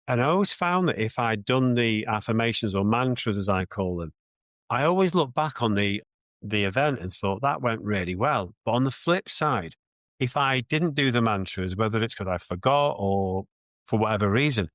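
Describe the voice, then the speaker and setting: A British man with a fairly low voice answers interview questions as a mindset coach. He talks earnestly and reflectively, restarting phrases as he thinks. The sound is dry and close. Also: lively intonation, moderate pace, a bit bright, no room sound.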